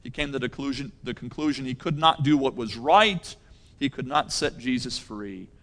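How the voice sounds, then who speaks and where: A man preaching a sermon as pastor, emphatic, repeating key phrases and swinging between loud and hushed delivery. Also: mid-range voice, normal speed, big-room sound.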